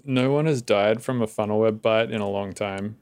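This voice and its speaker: Rambling man, low voice. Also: normal speed, a little mellow, smooth, dry recording. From Australia. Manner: rambling, filler-heavy, laughs at own stories. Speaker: guest. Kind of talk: casual chat.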